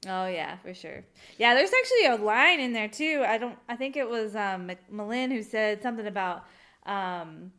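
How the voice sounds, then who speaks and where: A woman's voice: mid-range voice, lively intonation, normal speed, fairly bright tone. A woman co-hosting a podcast in casual chat, laughing often as she talks about a movie. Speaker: podcast co-host.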